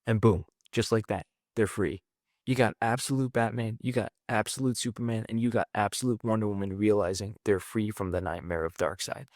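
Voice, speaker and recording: A man host casually recapping a comic book issue, rambling and excitable, acting out the characters' lines as "he's like". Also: lowish voice, fairly quick, dry recording, studio quality.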